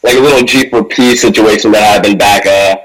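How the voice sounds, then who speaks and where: A man's voice: lowish voice, fairly even intonation, a little fast, fairly bright tone, a little hiss or hum, rough recording. A man guesting on a podcast, trading teasing, slangy banter in casual chat.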